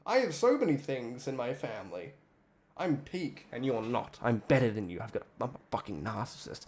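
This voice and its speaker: A man's voice: mid-range voice, big pitch swings, moderate pace, a little mellow, breathy edge. An Australian man streaming from a home setup, talking casually in a rambling, profane way that keeps breaking off mid-thought. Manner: rambling, profane, self-interrupting. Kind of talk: casual live-stream commentary.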